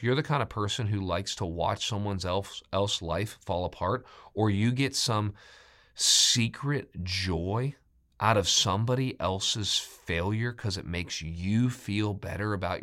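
A middle-aged man preaching a sermon as pastor. He gets more animated, louder and higher when he quotes scripture or speaks for someone. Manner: animated, rising in pitch and volume when quoting scripture.

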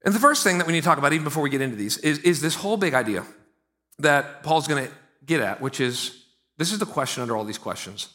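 Bright-voiced high male preacher. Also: quick pace. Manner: animated, conversational preaching with asides to the congregation. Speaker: pastor. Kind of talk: sermon.

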